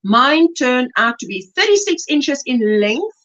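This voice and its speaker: A South African woman hosting a casual crochet livestream, chatting warmly and reading viewer comments aloud with delight. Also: sits high, big pitch swings, a little slow, highs cut off.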